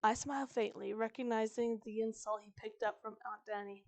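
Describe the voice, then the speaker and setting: A woman's voice: on the high side, little pitch movement, fairly quick, hardly any pauses, a little mellow. A woman reading a novel aloud on a live stream, chatting with viewers between passages and correcting herself as she goes.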